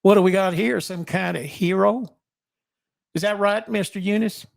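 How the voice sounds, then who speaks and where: A man's voice: sits high, fairly even intonation, normal speed, creaky, no echo, studio quality, pitched above the performer's own voice. An older man playing a sarcastic drill sergeant with an exaggerated Southern US accent, raising his voice above his own. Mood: mocking. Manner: taunting, sarcastic.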